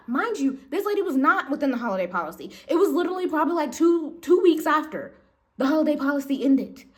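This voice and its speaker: A woman vlogger tells a story in an animated, slangy way, addressing her viewers directly as y'all. Her high voice swings widely up and down as she talks. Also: fast. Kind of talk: storytime vlog.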